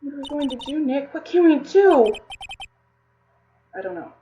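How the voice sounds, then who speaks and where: A woman's voice: high voice, sing-song, normal speed, mellow, a little hiss or hum, poor audio. A woman streamer voicing all the characters of a detective game, close to tears, chatting to viewers between lines. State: tearful, close to crying. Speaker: streamer voicing a visual novel. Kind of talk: reading game dialogue aloud with voice acting.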